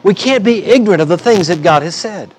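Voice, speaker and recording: Male pastor, sermon, high voice, folksy, emphatic, humorous. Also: expressive, fairly quick.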